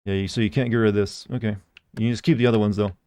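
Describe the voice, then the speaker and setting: A man's voice: lowish voice, fairly even intonation, racing, a little mellow, smooth. A young man casually commenting while he plays a game on a live stream, rambling and reading chat messages aloud.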